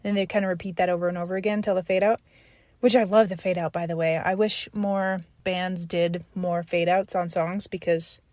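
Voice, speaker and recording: A woman's voice: fairly low pitch, steady tone, normal speed, a little mellow, dry recording. A young woman hosting a podcast, casually reviewing an album track by track in a rambling, enthusiastic way with many fillers and restarts.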